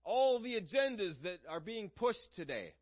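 A man's voice: high voice, big pitch swings, normal speed, lo-fi sound. A man preaching a sermon in an earnest, conversational way, asking his listeners questions.

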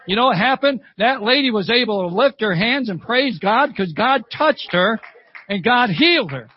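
An older male preacher delivers a sermon at a church service, spinning stories and repeating lines for emphasis. His voice sits high for a man. The recording is dull and close, with little room sound. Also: lively intonation, normal speed, breathy edge, no echo. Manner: fervent storytelling preacher, repeats phrases, calls "Amen".

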